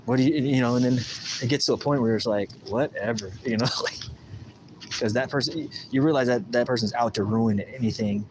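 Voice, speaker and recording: At an outdoor lake, a livestream host tells a rambling, animated story, voicing the people in it himself. He has a medium-pitched voice and a brisk pace, with noise in the background.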